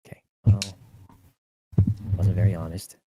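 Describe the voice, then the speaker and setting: A man on a recorded voice call, talking quietly and hesitantly in a mumble, with his mic cutting out. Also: deep voice, level tone, unhurried, phone-quality sound, very noisy. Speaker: streamer on a call. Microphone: voice-call microphone cutting out.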